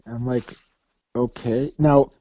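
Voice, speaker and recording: Guy on a podcast swearing through a story, kinda high mellow voice, dull lo-fi sound. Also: very animated, moderate pace, no room sound. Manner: crude, laughing, profanity-laced storytelling. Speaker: podcast co-host. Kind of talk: casual storytelling.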